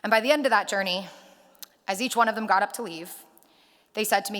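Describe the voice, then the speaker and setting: A woman giving a rally speech, telling stories and acting out the dialogue with lively energy. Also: medium pitch, fast, long pauses. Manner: animated storyteller acting out dialogue. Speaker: rally speaker. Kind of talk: public speech with storytelling. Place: synagogue hall at a rally. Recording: reverberant hall.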